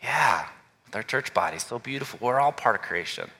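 A male pastor preaching a relaxed, conversational sermon and inviting the congregation to call out answers. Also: medium pitch, brisk, big-room sound. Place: church sanctuary.

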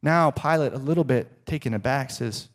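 A male preacher telling a story in a dramatic sermon, often dropping to soft, hushed tones. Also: mid-range voice, normal speed.

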